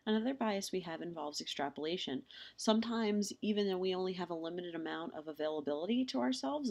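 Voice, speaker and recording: Female lecturer, lowish voice, conversational and filler-heavy, narrating slides. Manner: casual, chatty with many ums and restarts; acts out lively quoted dialogue in examples.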